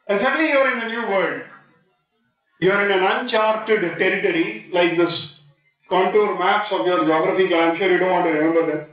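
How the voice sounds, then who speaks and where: A middle-aged guest speaker with an Indian English accent gives a playful motivational talk in a large lecture hall, joking with students and quizzing them. His voice is high and a little fast, with soft background music. The recording is echoey, from a distant, dull mic.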